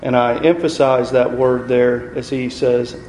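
A man teaching a Bible study group, earnest, repeating key phrases and slowing down to stress scripture. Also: medium pitch, level tone, darkish tone. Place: room with a group, reading from a computer. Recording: echoey room, faint ambient noise.

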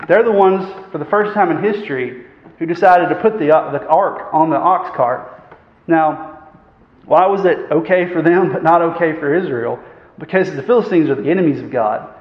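A man preaching a sermon. He poses rhetorical questions and often clears his throat. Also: on the high side, normal speed. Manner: earnest, asks the congregation rhetorical questions; frequent fillers and throat clearing. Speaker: pastor. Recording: echoey hall, dull sound.

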